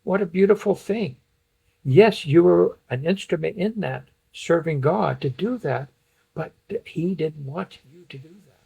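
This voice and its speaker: Husky-voiced man teaching a Bible study. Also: on the high side, animated, measured pace, mellow, rough recording. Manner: explains point by point, reads passages aloud. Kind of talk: Bible study lesson with slides.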